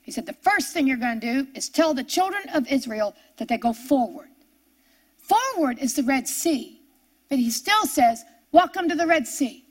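A woman preaching a sermon, animated and emphatic, her voice rising on repeated phrases. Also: sits high, normal speed, husky.

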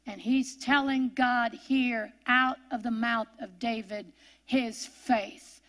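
A woman Bible teacher delivers a sermon at an unhurried pace. Her voice sits a little high. She reads scripture phrase by phrase, lingering on each word. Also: steady tone. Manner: slow, deliberate, reading scripture phrase by phrase.

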